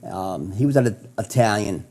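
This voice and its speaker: A man's voice: fairly low pitch, lively intonation, moderate pace, darkish tone. A man in a radio interview, telling a personal story with enthusiastic, stammering restarts. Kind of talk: storytelling in conversation.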